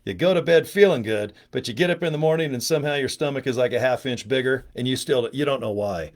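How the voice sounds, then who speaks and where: Casting note: man, casual rambling livestream host, jokey and digressive, mid-pitched everyday voice. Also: expressive, fairly quick. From United States. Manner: chatty, digressive, joking. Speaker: network marketing trainer. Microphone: webcam or phone on a live stream.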